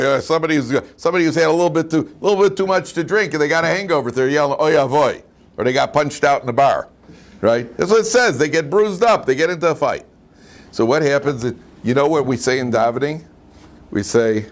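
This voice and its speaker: A man, a rabbi, teaching an informal Torah class in a lively way, often asking his students questions. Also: on the high side, fairly quick. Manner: lively, asks the class questions, frequent "right?".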